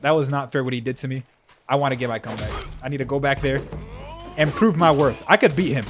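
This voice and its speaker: A young man giving casual, excitable, self-mocking commentary while playing a video game, yelping when he gets hit. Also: mid-range voice, fast talker, over music. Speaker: gaming YouTuber.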